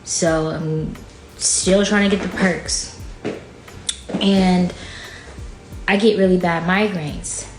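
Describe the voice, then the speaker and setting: A woman guest on a podcast tells a painful personal story in a lowish, fairly even voice, speaking slowly with long pauses. She's casual and frank, says "like" constantly, and sometimes sounds close to tears. The studio is echoey, with faint music.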